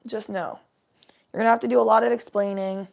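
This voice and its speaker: A woman's voice: mid-range voice, steady tone, brisk, gravelly, darkish tone. A young woman telling rambling, profane stories in a laid-back, casual chat with the odd cough. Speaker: vlogger.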